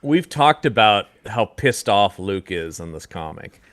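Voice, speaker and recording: A man co-hosting a podcast, chatting casually about comics and now and then jumping into loud mock voices. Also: on the low side, very animated, a little slow, no echo. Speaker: podcast co-host. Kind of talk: casual comic-book discussion.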